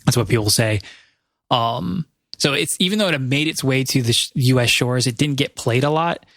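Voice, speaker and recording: Man, podcast host, casual chat, rambling, self-correcting, mid-pitched, dry close mic. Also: moderate pace, a bit bright, no echo.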